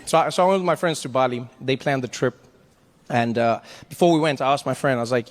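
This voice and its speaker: A man performing stand-up comedy, telling a story with lively acted-out quotes. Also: mid-range voice, fast, long reverb tail.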